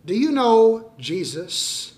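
A preacher playing an earnest, coaxing governor. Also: male voice, very high-pitched, sing-song, slow, full character voice. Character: earnest older state governor, gently pleading. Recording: roomy echoing hall.

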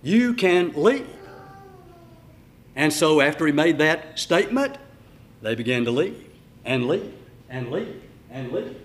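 An older man delivers a storytelling sermon, his slightly high voice leaping and falling with lively pitch. He swings between loud, ringing lines and hushed asides. The sound carries the echo of a roomy church. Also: measured pace. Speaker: pastor. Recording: echoey room.

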